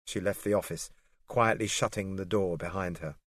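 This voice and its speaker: A man narrating an audiobook in a steady, measured storytelling way. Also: sits low, no room sound. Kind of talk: scripted narration.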